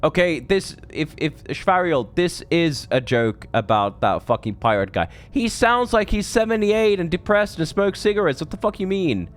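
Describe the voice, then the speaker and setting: A man's voice: a little high, animated, moderate pace, few pauses. A man in his thirties streaming a game, chatting loosely with viewers, swearing often and rambling between thoughts. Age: 30s. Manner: rambling, profane, chatty with chat. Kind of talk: live gameplay commentary.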